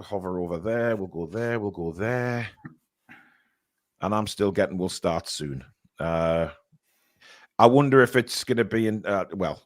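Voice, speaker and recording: A man's voice: mid-range voice, a bit bright, dry recording. English guy hosting a live footy stream, rambly and chatty, dry close mic. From England. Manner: chatty, many fillers, reads out viewer comments. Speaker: host of a live fan stream. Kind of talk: casual live-stream chat.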